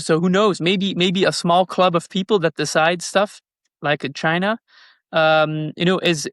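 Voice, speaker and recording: A young man co-hosting a podcast, thinking out loud in a loose chat and tripping over repeated words. His voice sits somewhat high for a man. The sound is dry and close. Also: dry recording. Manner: musing, stumbles and repeats words. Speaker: podcast co-host. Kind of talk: casual chat.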